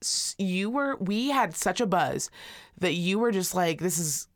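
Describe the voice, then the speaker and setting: Profane, animated woman telling a story. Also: mid-range voice, a little slow. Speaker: podcast co-host. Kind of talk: casual storytelling chat.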